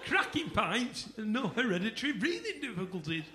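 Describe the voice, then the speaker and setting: A man hosts a comedy night in a brash, excitable way. His voice is high and animated, with swooping pitch. He sounds roomy over a loud, clear crowd. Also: brisk. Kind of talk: compering a live comedy night. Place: comedy club stage.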